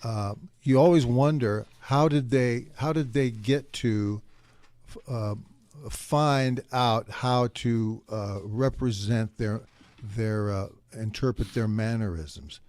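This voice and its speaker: A man's voice: medium pitch, slow, a little mellow, no room sound. An older man hosting a casual sports radio show, trading wry, teasing remarks with his co-host.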